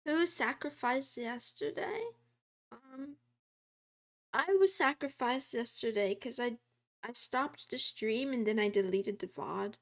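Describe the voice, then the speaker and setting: A woman with a high, light voice talks to her stream chat at an unhurried pace. She giggles often, reads study notes aloud, and slips into soft, quiet meowing between lines.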